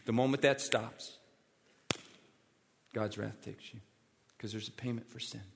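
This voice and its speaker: A man's voice: mid-range voice, steady tone, a little slow, vocal fry, background noise. A male pastor preaching a sermon in a church, emphatic and pleading, repeating his points for emphasis. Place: church sanctuary. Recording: long reverb of a large hall.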